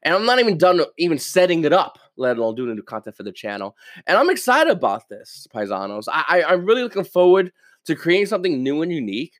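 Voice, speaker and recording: A man talks fast in a casual solo podcast monologue, his pitch bouncing all over as he rants. He stammers, repeats himself and drops the odd curse word. The sound is dry and close. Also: no room sound. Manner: animated, ranting, stammers and repeats words, swears. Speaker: podcast host.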